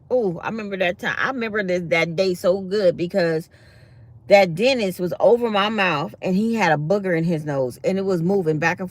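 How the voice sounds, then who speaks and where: Fields: Sex: woman. Role: vlogger. Style: chatty casual storytelling to viewers. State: sore mouth after dental work. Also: on the low side. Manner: chatty storytelling, speaks her mind.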